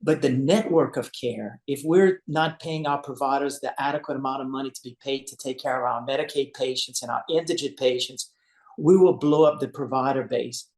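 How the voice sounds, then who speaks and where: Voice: medium pitch, moderate pace, a little mellow. American speaker, serious and earnest, roomy echo. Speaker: interviewee. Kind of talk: interview answer.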